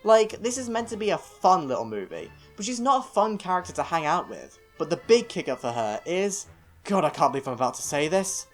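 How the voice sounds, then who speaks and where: A man's voice: high-pitched, very animated, brisk, soft background music. A young British man reading a scripted film review, opinionated and self-mocking with rambling asides. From United Kingdom.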